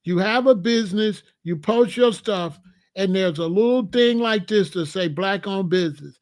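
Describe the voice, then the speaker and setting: Argumentative male commentary host, high voice. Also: moderate pace. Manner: argumentative, piling up rhetorical questions. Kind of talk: reaction commentary.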